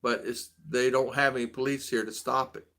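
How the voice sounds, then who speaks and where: A man's voice: mid-range voice, steady tone, normal speed, vocal fry, sharp tone. A middle-aged man hosting a casual vlog stream, rambling and repeating himself as he answers viewers with blunt advice. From United States. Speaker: vlog host.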